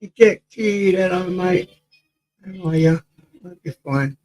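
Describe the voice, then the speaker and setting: A man's voice: sits high, takes it slowly, darkish tone, soft background music, rough recording. An English man hosting a casual live stream from home, greeting viewers by name and reading the chat aloud, sometimes drifting away from his desk mic. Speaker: livestream host. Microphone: desk mic, sometimes off-axis.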